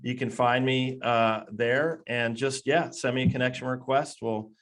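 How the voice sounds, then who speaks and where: A man's voice: mid-range voice, steady tone, measured pace, a bit bright. A man from the Philadelphia area, a guest on a casual interview over a video call, friendly and upbeat with hesitant restarts. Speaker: guest from a hiring platform. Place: West Coast.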